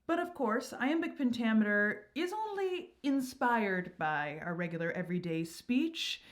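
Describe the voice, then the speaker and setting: A woman with a fairly high, expressive voice speaks at a measured pace as host of her own channel. She explains verse and meter like an upbeat, enthusiastic teacher.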